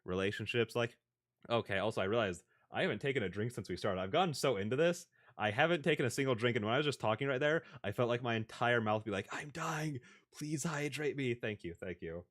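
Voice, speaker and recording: Streaming from home, a young man speaks into his desk mic with a medium-pitched, animated voice, quick and fairly bright. The live-stream chat is casual and rambling, full of fillers, and he keeps restarting and correcting himself.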